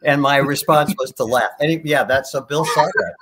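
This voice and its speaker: This older man has a medium-pitched, husky voice that's a bit bright, and he moves at a moderate pace. Appearing as a guest performer on a video call, he rambles through anecdotes, keeps restarting, and chuckles at his own stories.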